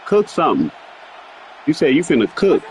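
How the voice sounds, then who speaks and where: A man's voice: a little high, wildly swooping pitch, normal speed, rough recording. A man from Oakland, California, trash-talking his opponent during a video game, repeating his taunts again and again. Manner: taunting, repeats lines over and over. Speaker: gaming host. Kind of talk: trash-talking gameplay chat.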